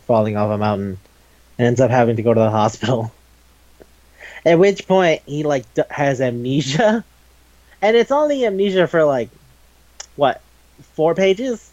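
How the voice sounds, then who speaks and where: A man at an everyday middle pitch rambles through a casual podcast recap, full of fillers and easy profanity. The recording sounds dry and close with no room around it, and slightly dull in the highs. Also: a little mellow, dry recording. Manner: rambling, filler-heavy, laughs often, swears freely. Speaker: podcast host.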